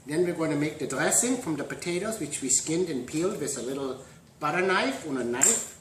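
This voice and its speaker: Guy doing a silly cooking show, deadpan dad jokes, echoey kitchen with dishes clanking. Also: fairly high pitch, brisk, noisy background. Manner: deadpan punning, dad jokes, trailing asides. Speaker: host of a joke home cooking show. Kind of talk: rambling mock cooking demonstration. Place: home kitchen. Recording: echoey kitchen with clattering pots and cutlery.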